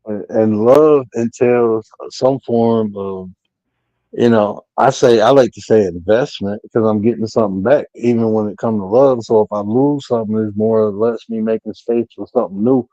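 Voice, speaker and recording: Man panelist streaming from home, loose and profane, dark tone, dull dry audio. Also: on the low side, moderate pace, dry recording. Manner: blunt, profane and animated storytelling. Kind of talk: casual live-stream panel talk.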